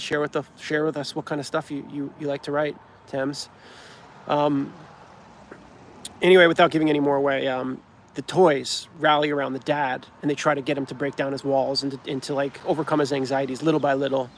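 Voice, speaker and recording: Creaky man rambling on a livestream. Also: fairly high pitch. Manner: rambling, many restarts and ums. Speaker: comedy creator. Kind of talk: livestream chat.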